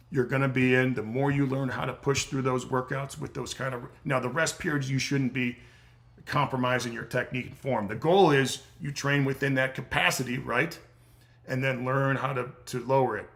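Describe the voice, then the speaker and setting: Gravelly, blunt middle-aged coach going hoarse. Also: male voice, medium pitch, fairly even intonation, moderate pace, fairly bright tone. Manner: blunt, swears freely, gets fired up. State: losing his voice. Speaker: strength coach hosting a livestream Q&A. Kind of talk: casual livestream Q&A, profane and emphatic.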